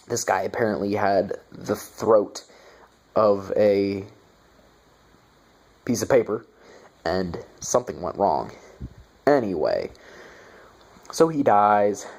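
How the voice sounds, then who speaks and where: A man's voice: on the low side, takes it slowly, gravelly, pauses often, darkish tone. A young man giving a casual movie review, sarcastic and profane, with mocking asides.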